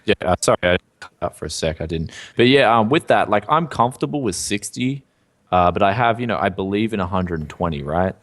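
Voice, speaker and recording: Man, very deep voice, relaxed, rambling, casual podcast talk. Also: fairly quick. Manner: laid-back, lots of fillers and "yeah". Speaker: co-host of a tech news show. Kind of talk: casual tech podcast chat.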